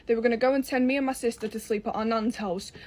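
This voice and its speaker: A woman's voice: on the high side, steady tone, fast talker, darkish tone, slight background noise. A young woman with an English accent telling a personal story in a casual, blunt way, swearing freely, exasperated and amused.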